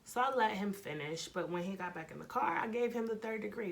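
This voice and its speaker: A young woman vlogger telling a dramatic personal story, animated and full of profanity. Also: mid-range voice, brisk. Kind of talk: storytime vlog.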